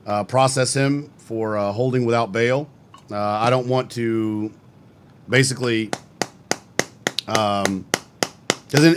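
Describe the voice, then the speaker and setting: A man streaming a game, talking as a sheriff in a measured, procedural way, with the odd profane outburst. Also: mid-range voice, slight background noise. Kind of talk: in-character role-play and commentary.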